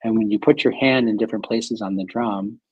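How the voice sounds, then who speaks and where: A man's voice: on the low side, fairly even intonation, fairly quick, a little mellow, breathy edge, no echo, low-quality recording. A man, a doctor appearing as a guest, telling stories in casual conversation, rambling through fillers and laughing often as he talks.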